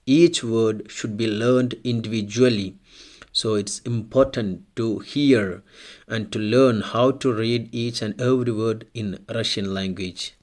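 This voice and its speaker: Slow, deliberate male language teacher. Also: lowish voice, steady tone, darkish tone. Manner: slow, deliberate, repeats example words. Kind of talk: scripted language lesson.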